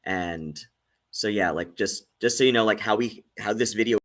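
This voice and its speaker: A man's voice: on the low side, moderate pace, fairly bright tone. A man hosting and giving casual commentary, hesitant with many fillers and restarts. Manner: hesitant, many ums and likes. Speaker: host.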